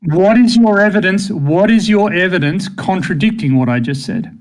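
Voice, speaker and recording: A man's voice: high-pitched, lively intonation, normal speed, slight background noise. A man in a heated online debate, pressing his points insistently with stammering restarts. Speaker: debate participant on voice chat.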